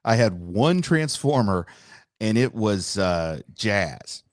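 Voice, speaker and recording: A man's voice: fairly low pitch, sing-song, takes it slowly, no room sound, studio quality. A middle-aged man co-hosting a casual movie podcast, wry and joking. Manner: wry, joking, does silly voices. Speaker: podcast co-host.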